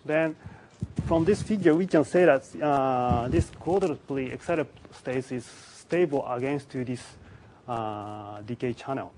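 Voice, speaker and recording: A man giving a conference lecture on physics in a symposium room, speaking haltingly with many restarts and pauses. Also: mid-range voice, darkish tone, a little hiss or hum, rough recording.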